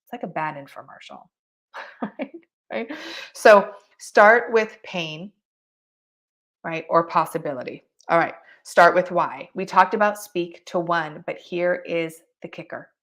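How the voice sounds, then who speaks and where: A woman teaching an online marketing coaching session, talking expressively and with emphasis, often laughing between points. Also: lowish voice. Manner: expressive, emphatic, acts out examples.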